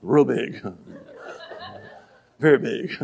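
A man preaching a revival sermon in a church, telling stories and breaking into shouted hallelujahs. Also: mid-range voice, drawn-out words, creaky, husky. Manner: builds to shouting, exclamations of hallelujah. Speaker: evangelist preacher. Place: church sanctuary with congregation.

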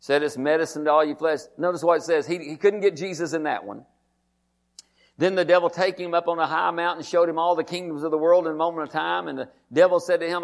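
Male pastor, slightly higher voice with gravel, preaching a sermon and pulling in his congregation. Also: fairly even intonation, quick pace. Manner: preaching with scripture readings and calls to the congregation.

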